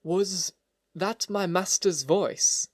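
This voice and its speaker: A man's voice: high voice, very slow, no room sound, studio quality, voice pushed up, heavily acted. A man voicing a frightened, loyal older male butler whose voice is harsh and broken with dread. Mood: anguished.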